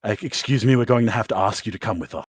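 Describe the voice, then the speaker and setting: A man's voice: fairly low pitch, rapid-fire, slightly rough, no echo. Rambling man narrating a tabletop game. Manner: rambling, filler-heavy, laughs often. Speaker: game master.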